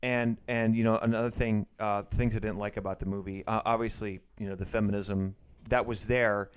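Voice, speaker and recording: A man co-hosting a casual movie podcast, opinionated and animated, swinging between low asides and loud exclamations. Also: fairly quick, clean tone. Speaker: podcast co-host.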